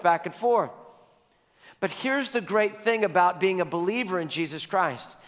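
Pastor preaching in an echoey hall. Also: male voice, sits high, fairly bright tone. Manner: storytelling, repeats key lines for emphasis. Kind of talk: sermon.

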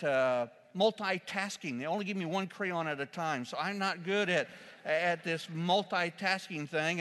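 A man with a high, bright, ringing voice delivers a sermon from the pulpit of a church. He tells stories with humor and breaks into loud, shouted quotations. The sound carries a long hall reverb. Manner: storytelling with shouted acted quotes and humor. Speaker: pastor.

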